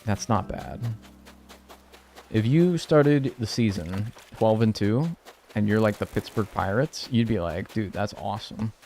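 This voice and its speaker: Young man, casual streamer chat, very animated pitch, faint music underneath. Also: unhurried. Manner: laid-back, joking, reacting to chat.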